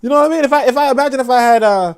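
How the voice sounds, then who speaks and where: A man hosting a podcast livestream, reading comments and reacting in casual, animated commentary with swearing and repeated words. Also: extremely high pitch, racing, smooth. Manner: animated, profane, repeats himself. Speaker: podcast host.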